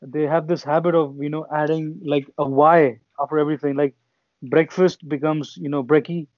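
A young Indian man co-hosts a podcast, chatting casually and giving long, meandering explanations. His voice is a little high, his delivery flat and at normal speed, with no room sound in a dull lo-fi recording.

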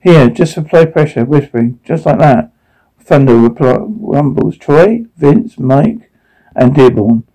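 A man reading out a drama's dialogue along with its sound cues, in one even voice. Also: mid-range voice, unhurried, rough recording.

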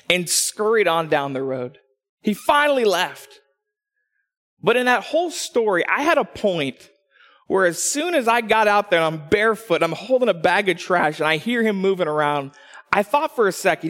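A man telling a personal story as a preacher, animated, dropping low for asides and rising when excited. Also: normal speed. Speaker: pastor. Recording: long hall reverb.

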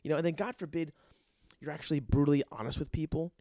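A man's voice: on the high side, steady tone, fast, mellow, dry recording. A young adult man, a bartender, ranting in a casual, exasperated and profane way. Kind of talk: casual rant.

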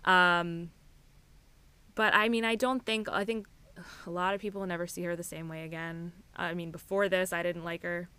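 A woman's voice: lowish voice, normal speed, smooth. A woman co-hosting a podcast, talking candidly in a casual chat and scattering "like" and "I mean" through her sentences. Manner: candid and animated, frequent "like" and "I mean". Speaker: podcast co-host.

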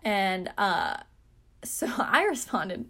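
A woman's voice: mid-range voice, sing-song, very slow, fairly bright tone. A young woman hosting a podcast, telling a story in a chatty, self-mocking way with lots of fillers. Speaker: podcast host. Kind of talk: casual storytelling.

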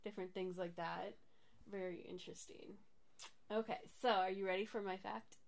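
A woman's voice: medium pitch, fairly even intonation, moderate pace, gravelly. Giggly woman chatting on a podcast. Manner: giggly, laughs often while reading out facts. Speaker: podcast co-host. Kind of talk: casual chat.

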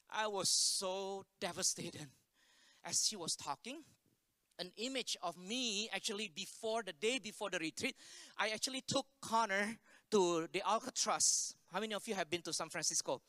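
A male pastor preaches an unscripted sermon in a bright, forceful voice, talking conversationally and throwing questions to the congregation. The sound is close and dry. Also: high-pitched, moderate pace, no echo. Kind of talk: unscripted sermon told as a story.

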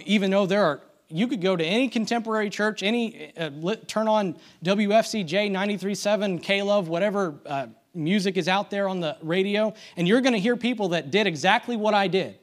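Man preaching in a loose, chatty way. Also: high-pitched. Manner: conversational, self-deprecating, many restarts; asks the congregation for amens. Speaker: church speaker. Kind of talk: sermon.

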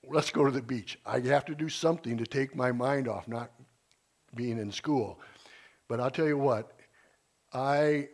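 An older man in his sixties speaks to his church congregation in a loose, earnest way, circling back and restarting his sentences as he goes. His voice sits at an ordinary middle pitch, and he sounds like a retired schoolteacher sharing his convictions. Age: 60s. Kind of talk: informal sermon talk.

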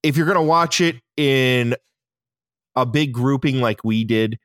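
A man's voice: medium pitch, a little slow, a bit bright, dry recording, clean studio sound. A man co-hosting a podcast, chatting casually and enthusiastically about a movie, swearing and laughing often. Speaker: podcast co-host. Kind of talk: casual film review chat.

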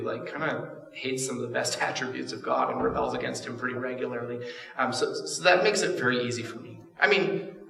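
Pastor preaching in an echoey hall. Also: male voice, mid-range voice, fairly bright tone, far from the mic. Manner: casual, humorous storytelling. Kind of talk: sermon. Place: church auditorium.

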